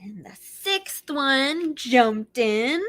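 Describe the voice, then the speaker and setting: A woman librarian reading picture books aloud to preschoolers in an animated, expressive way, gasping and making animal noises. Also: sits high, drawn-out words, no echo. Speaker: children's librarian hosting storytime.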